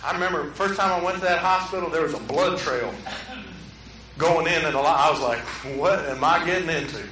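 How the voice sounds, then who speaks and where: A middle-aged man, preaching a sermon to a room, swinging from hushed to loud. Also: fairly high pitch, fairly quick, echoey room, recorded from a distance, a crowd in the background, low-quality recording. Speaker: pastor. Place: room with an audience.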